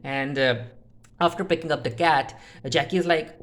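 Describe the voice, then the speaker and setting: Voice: mid-range voice, fairly even intonation, moderate pace, fairly bright tone. Chatty TV recap reviewer, mid-height voice. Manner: retells scenes in the characters' voices with "he's like" and "she's like"; loose and unscripted, with frequent "uh" fillers and restarts. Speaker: TV episode reviewer. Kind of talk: casual spoken episode recap.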